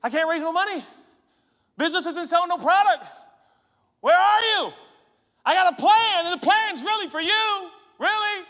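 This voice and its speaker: A man voicing a frantic, whiny man who begs God for success, his voice pushed high and loud in a reverberant large hall. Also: expressive, moderate pace, pauses often, heavily acted. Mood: frantic pleading. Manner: pleading, shouting.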